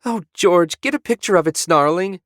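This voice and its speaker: A man voicing an excited elderly woman tourist in an audiobook, high and gushing. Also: moderate pace, dry recording, clean studio sound. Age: older. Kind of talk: audiobook character voice.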